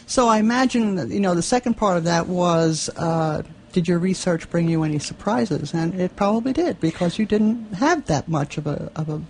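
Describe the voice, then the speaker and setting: Interviewer with steady mid-range voice. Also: mid-range voice, moderate pace, few pauses, a little hiss or hum. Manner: frequent encouraging backchannels. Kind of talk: radio interview.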